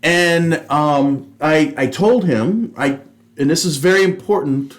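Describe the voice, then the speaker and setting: A man's voice: a little high, takes it slowly. A man, a former police officer co-hosting a podcast, telling stories in casual chat and tossing in dry asides.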